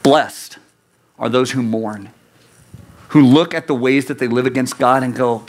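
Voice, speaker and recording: A man's voice: medium pitch, fairly even intonation, measured pace. Earnest male youth pastor preaching. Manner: earnest, conversational preaching with rhetorical questions. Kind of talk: sermon.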